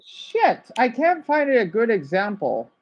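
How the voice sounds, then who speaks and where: A woman streamer chats casually with her viewers while reacting to a clip, greeting them by name. Her voice sits fairly high and swings around a lot in pitch. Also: very animated, unhurried, muffled recording. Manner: chatty, addresses viewers by name. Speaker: livestream host. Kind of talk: casual chat reacting to a video.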